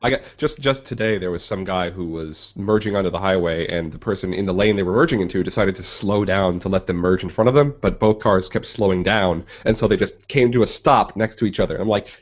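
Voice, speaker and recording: A man with a lowish voice trades crude jokes on a casual online hangout show. He also reads out study details in a steady, explaining way. The audio comes through a dull, lo-fi call line. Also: brisk, hardly any pauses. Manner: joking, profane, lectures from studies. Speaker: podcast co-host. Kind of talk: casual chat. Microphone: video call.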